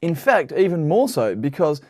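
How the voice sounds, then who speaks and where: A man's voice: on the high side, very animated, normal speed, darkish tone. A man giving a patient, explanatory drum lesson, counting out sticking patterns and often checking in with the listener. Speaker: drum teacher. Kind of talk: instructional lesson.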